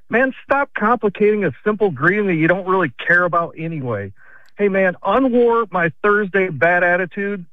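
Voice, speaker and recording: A male caller on a radio show sneers at a small daily annoyance with dry sarcasm. His voice sits high. It comes through a muffled line, dry and close. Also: no echo. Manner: sarcastic, mocking. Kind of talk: phone-in rant.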